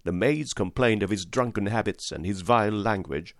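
A male audiobook narrator with a fairly low voice reads a classic story in measured, even narration. The recording is dry and close, with no room sound. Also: vocal fry, dry recording. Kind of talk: scripted narration.

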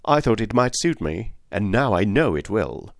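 A man's voice: fairly low pitch, sing-song, normal speed, no echo, studio quality. Man playing a bold, self-assured stranger. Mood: confident. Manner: confident and forthright.

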